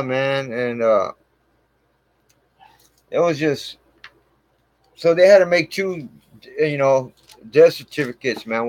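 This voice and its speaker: A man's voice: mid-range voice, no echo, low-quality recording. A man telling his own story on his channel, rambling and swearing heavily, with "man" dropped into nearly every line. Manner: rambling, heavy swearing, frequent "man" fillers. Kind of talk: casual storytelling to camera.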